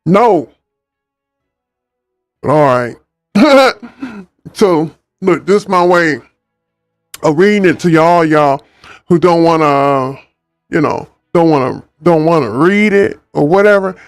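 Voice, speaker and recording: A man's voice: on the high side, expressive, takes it slowly, pauses often, dry recording, faint music behind. A man chatting and reading a book aloud on a livestream, laid-back and ad-libbing. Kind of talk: casual livestream story reading.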